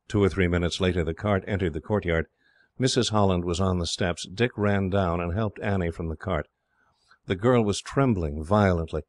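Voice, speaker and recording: A man narrating an audiobook in a steady, measured way, close to the mic. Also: deep voice, dry recording. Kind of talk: scripted narration.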